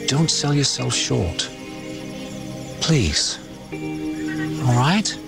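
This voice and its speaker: A courtly gentleman talks in a gentle, reassuring way, his voice rising and falling freely. Loud music plays under the clip. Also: mid-range voice, big pitch swings, very slow, vocal fry, heavily acted.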